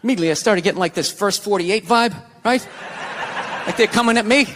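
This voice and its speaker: High, bright-voiced man telling a stand-up story. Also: fairly quick. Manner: animated, profane storytelling with acted-out dialogue. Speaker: stand-up comedian. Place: theater stage before a live audience. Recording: reverberant hall with faint hiss.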